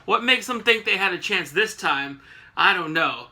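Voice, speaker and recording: A man's voice: high voice, lively intonation, moderate pace, sharp tone. A man recapping a comic book issue in a casual, sarcastic way, full of joking asides.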